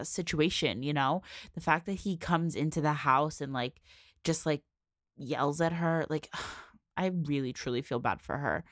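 Low-voiced young woman recapping casually. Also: fairly bright tone, no echo, studio quality. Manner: chatty, frank, swears a lot, filler-heavy. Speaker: podcast host. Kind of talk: casual solo recap chat.

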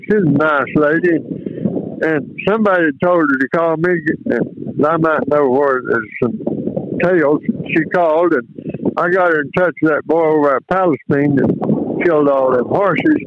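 A man's voice: on the high side, measured pace. An older man with a drawl, telling rambling, folksy rodeo stories as an interview guest. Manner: drawling, rambling, with many "and, uh" restarts. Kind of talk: folksy storytelling. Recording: tinny phone line with faint noise.

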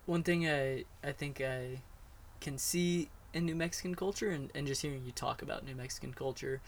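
A man interviewing, thinking out loud, searching for words and often restarting his sentences. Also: mid-range voice, moderate pace, a little hiss or hum. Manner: thoughtful, searching for words, repeats himself. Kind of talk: casual conversation.

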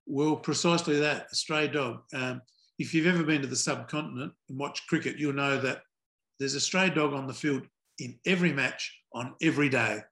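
An older man, a retired umpire, telling anecdotes as a podcast guest with dry humor and a relaxed manner. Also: mid-range voice, moderate pace.

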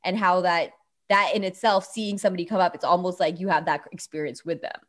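A woman co-hosts a casual podcast chat, animated and quick to laugh. She acts out what people say as she tells her stories. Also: fairly low pitch. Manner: animated, laughing, quotes others in put-on voices. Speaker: podcast co-host.

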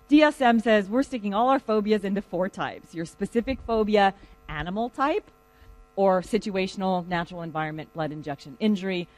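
A lecturer giving a conversational classroom talk and telling lively stories to students. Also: medium pitch, brisk, dry recording, rough recording.

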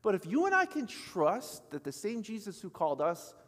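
A man in his thirties preaching a sermon as pastor, telling a story with acted-out quotes and swinging between loud and soft. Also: high voice, huge pitch swings, moderate pace, long reverb tail. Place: church sanctuary.

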